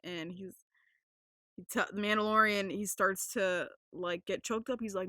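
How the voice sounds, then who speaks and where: A young woman hosting a casual podcast, rambling with lots of fillers, swearing freely and getting excited. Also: medium pitch, a little slow, dry recording, clean studio sound. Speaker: podcast host.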